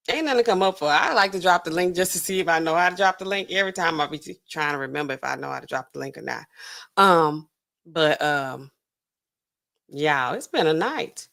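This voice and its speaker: A woman hosting a casual livestream, reacting to news clips and talking straight to her chat in relaxed slangy speech. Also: on the low side, fairly quick. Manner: chatty and animated, talking straight to chat viewers; relaxed slangy speech with frequent filler words.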